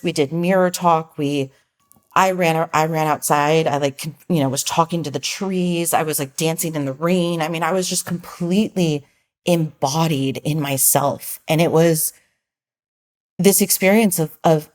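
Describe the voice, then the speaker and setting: A woman guest on a podcast, earnestly recounting a personal experience, slow and reflective at times, then animated as she retells moments. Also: low-pitched. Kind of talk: personal storytelling in an interview.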